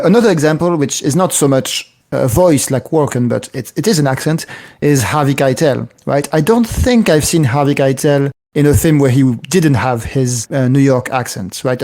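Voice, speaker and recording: A man's voice: mid-range voice, darkish tone. A man co-hosting a casual film-discussion podcast who keeps checking in with his listeners through tag questions. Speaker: podcast co-host.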